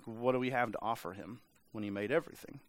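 A pastor with a fairly low voice preaches quickly in an informal, conversational style. Fillers like "like" run throughout, and he mimics voices playfully to be funny.

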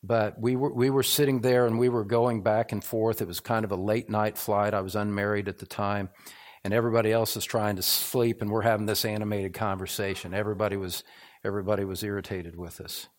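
Earnest older pastor preaching. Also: male voice, fairly low pitch, little pitch movement, a little fast. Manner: earnest, building to emphatic repetition. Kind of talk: sermon. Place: church, evening service.

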